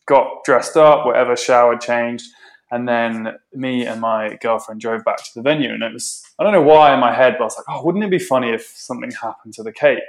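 A man's voice: medium pitch, echoey room. Emotional man telling a story. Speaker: guest baker. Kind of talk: casual storytelling.

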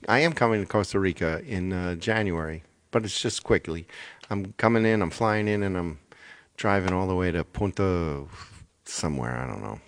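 A man's voice: low-pitched, animated, normal speed. A man singer chatting casually with viewers on a live stream, rambling and repeating his phrases.

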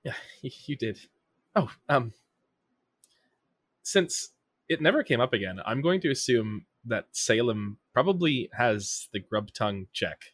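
A man's voice: medium pitch, expressive, unhurried, fairly bright tone, no echo. A man playing a tabletop game, chatting in a hesitant, laid-back way. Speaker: player. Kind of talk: casual game-table chat.

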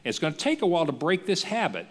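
A man preaching a sermon as a pastor, in a conversational, lively style that acts out the voices he quotes. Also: on the high side, very fast, big-room sound. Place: church.

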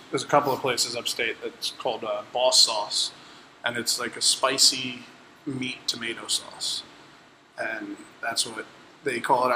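A young man chatting as a guest, blunt and quick to agree, swearing casually. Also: medium pitch, bright, forceful tone. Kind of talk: casual chat. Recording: echoey room, faint noise.

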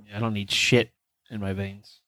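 A man co-hosting a casual comedy chat, deadpan, cursing freely and clearing his throat often. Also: lowish voice, moderate pace, no room sound, clean studio sound.

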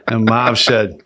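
A man, hosting a podcast and telling profane, animated stories with laughs. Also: fairly low pitch. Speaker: podcast host. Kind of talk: casual storytelling chat.

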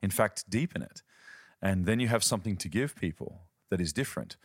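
A man's voice: deep voice, lively intonation, fairly quick, breathy edge, dry recording, clean studio sound. A man, a ministry leader and podcast guest, teaching earnestly in conversation and telling stories. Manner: earnest, storytelling, uses quoted voices.

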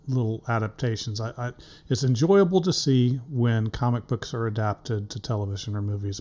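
A man's voice: on the low side, dark tone. A man interviewing a guest in a casual chat, rambling through his questions and laughing easily.

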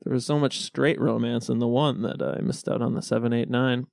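A man riffs loosely through a podcast chat, joking and restarting his thoughts. His voice is gravelly with a bit of fry. The sound is dry and close. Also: mid-range voice, steady tone, fairly quick, a little mellow, no room sound. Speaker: podcast co-host. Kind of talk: casual banter.

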